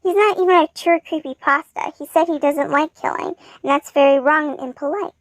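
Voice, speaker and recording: A woman's voice: high voice, a little fast, dry recording, clean studio sound, lightly acted. A woman voicing a sneering young male killer, talking in a scornful, mocking way, while reading a fanfiction aloud.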